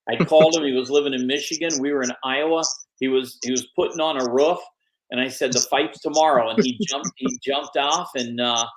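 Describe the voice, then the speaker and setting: An older man, a guest on an interview podcast, telling animated stories and acting out the people he quotes. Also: mid-range voice, poor audio. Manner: animated anecdotes, acts out quoted voices. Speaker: guest, MMA promoter and manager. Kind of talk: storytelling interview.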